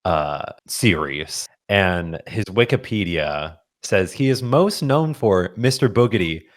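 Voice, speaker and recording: A man co-hosting a casual movie-review podcast, talking in an excitable way with lots of exclamations. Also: low-pitched, takes it slowly. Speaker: podcast co-host. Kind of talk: casual chat.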